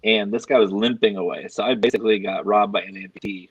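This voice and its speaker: A man's voice: on the low side, quick pace, husky, no room sound. A man casually telling a long, rambling story to friends, acting out the quotes. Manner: rambling, animated anecdote with acted quotes. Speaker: podcast co-host. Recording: dry, dull lo-fi sound.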